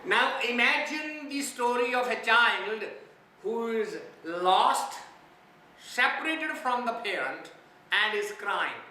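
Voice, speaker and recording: A man's voice: extremely high pitch, lively intonation, takes it slowly, bright, forceful tone, a little hiss or hum. A man from India giving a spiritual talk on a hymn, often putting questions to his listeners. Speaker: spiritual teacher. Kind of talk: sermon on a hymn. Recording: echoey hall, distant mic.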